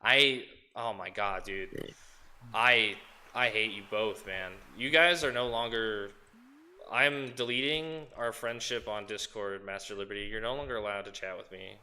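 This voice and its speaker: Bright-voiced profane joking man. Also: lowish voice, steady tone, measured pace, slight background noise. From United States. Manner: profane, joking, mock-outraged banter. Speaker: streamer co-host. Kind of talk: casual stream chat.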